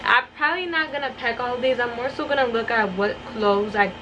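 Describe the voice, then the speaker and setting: A woman's voice: a little high, a little fast, background noise. A young adult woman chatting casually to her viewers in a vlog, rambling and addressing them as y'all, from her bedroom. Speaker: vlogger.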